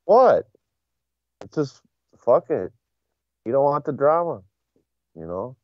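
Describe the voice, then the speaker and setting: A man's voice: medium pitch, sing-song, slow, no room sound. Jokey guy on a stream egging everyone on, sweary, dull lo-fi audio. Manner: joking, egging others on, profane. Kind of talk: casual livestream chat.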